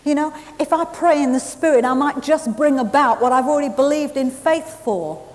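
A woman preaching a sermon, telling a lively story and laughing at herself along the way. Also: high voice, normal speed. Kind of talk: sermon with testimony. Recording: hissy recording in a reverberant hall.

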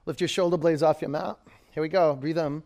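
A man with a slightly higher voice leads a yoga class, calling poses and counting each hold down from five. He coaches his students by name and urges them on through the hard moves. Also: fairly even intonation, brisk, vocal fry, a little mellow. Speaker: yoga teacher. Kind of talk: instructing a live yoga class.

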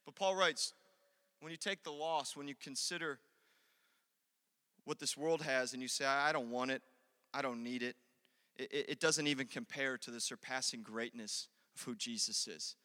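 Impassioned young preacher in a big hall. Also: male voice, mid-range voice, steady tone, normal speed. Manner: impassioned, swings between shouting peaks and quiet asides. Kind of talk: sermon. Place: church.

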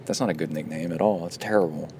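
Playful, low-voiced male podcast host. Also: quick pace, darkish tone, a little hiss or hum. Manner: playful, joking, goofy asides. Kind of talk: casual podcast chat.

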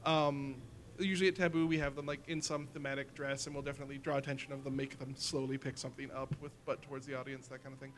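Animated man telling stage stories. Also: medium pitch, quick pace, a little hiss or hum. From Canada. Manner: animated storyteller, lots of "like". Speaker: guest, burlesque host. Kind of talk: casual podcast chat.

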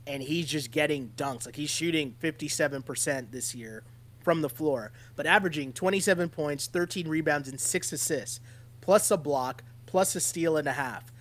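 A man's voice: fairly high pitch, normal speed. A man co-hosting a casual sports podcast, talking animatedly and often checking in with his partner. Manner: animated, keeps checking in with "right?". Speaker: podcast co-host.

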